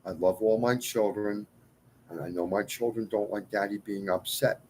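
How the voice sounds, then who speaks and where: A man's voice: fairly low pitch, steady tone, moderate pace, slight background noise, rough recording. A man in a ranting monologue to his followers, agitated and pleading, swinging between outbursts and muttered asides. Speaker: self-styled cleric addressing followers.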